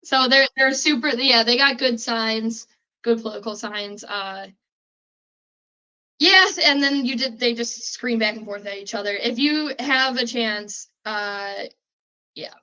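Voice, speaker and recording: A woman's voice: a little high, measured pace, bright, forceful tone, poor audio. A young woman with a Chicago accent hosting a casual podcast quiz, chatty and rambling, with many fillers and restarts. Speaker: podcast host running a quiz. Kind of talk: casual chat.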